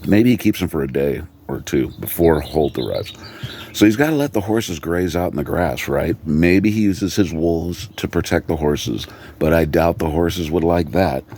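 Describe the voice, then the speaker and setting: Deep-voiced man in a rambling, profane rant. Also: expressive, moderate pace, darkish tone, a little hiss or hum. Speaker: video creator. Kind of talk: casual comedic rant.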